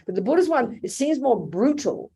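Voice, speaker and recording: An older Australian woman giving a Buddhist teaching in a blunt, animated way. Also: on the high side, normal speed, breathy edge. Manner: blunt, animated, quotes imagined dialogue. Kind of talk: Dharma talk with questions. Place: hotel meeting room.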